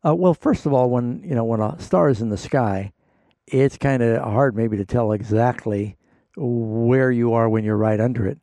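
A man's voice: medium pitch, normal speed, dark tone, dry recording. A man, a pastor hosting a call-in radio Bible program, explaining scripture to callers and reading verses aloud with emphasis.

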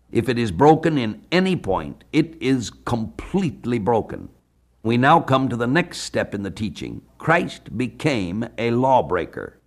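Speaking in a lowish voice, an American man delivers a radio sermon that expounds a Bible passage. He keeps a measured pace, slowing further when he reads scripture aloud.

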